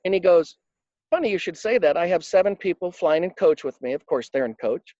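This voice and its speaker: A man's voice: high-pitched, expressive, fairly quick, a little mellow, no echo, highs cut off. A man being interviewed about his work coaching financial advisors, telling anecdotes with emphasis and acting out the quotes. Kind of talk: conversational interview storytelling.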